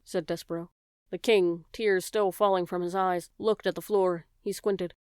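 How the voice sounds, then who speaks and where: Female audiobook narrator, talks to the reader, lower clear voice, dry studio sound. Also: fairly even intonation, normal speed, a little mellow, no echo. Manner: storyteller, addresses the reader directly.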